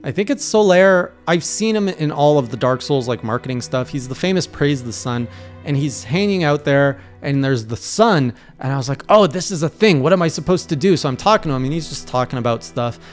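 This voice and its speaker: A man's voice: mid-range voice, lively intonation, fairly quick, faint music behind. A young man recapping a video game run in a casual video journal, acting out his own panicked reactions as he tells it. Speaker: streamer recapping his playthrough.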